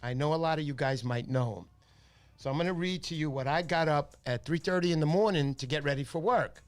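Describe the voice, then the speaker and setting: A man's voice: on the high side, brisk, faint music behind. Chatty New man with a cold. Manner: chatty storyteller, animated impressions. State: stuffy nose from a cold. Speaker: fishing livestream host. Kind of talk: casual livestream chat.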